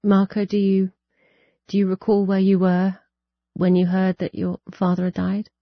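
A woman interviewing a guest, gently restarting her questions as she goes. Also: medium pitch, completely flat delivery, moderate pace, dry recording, highs cut off.

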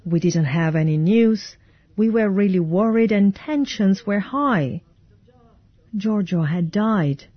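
A woman giving an interpreter's voice-over, calm and measured. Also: mid-range voice, breathy edge, no echo, lo-fi sound. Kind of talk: translated voice-over.

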